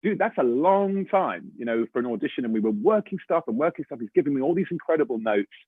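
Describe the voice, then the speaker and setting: A middle-aged Englishman with an English accent, an actor telling a story in a lively casual chat. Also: mid-range voice, quick pace, breathy edge, no echo, narrow, tinny audio. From England. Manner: animated storyteller, chatty, says mate and man a lot. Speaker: voice actor guest.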